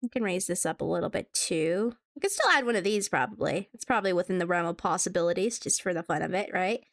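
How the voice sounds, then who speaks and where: A woman's voice: fairly low pitch, animated, quick pace. A woman streamer chatting casually to her viewers while she draws, laughing often and humming along to music. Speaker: VTuber streamer. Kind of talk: casual live-stream chat while drawing.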